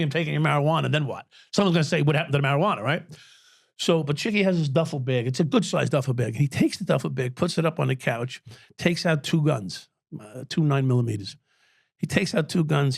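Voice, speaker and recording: A man, telling profane, animated stories as an interview guest and at times breaking into shouts. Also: a little high, gravelly, dry recording, studio quality. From United States. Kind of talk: storytelling interview.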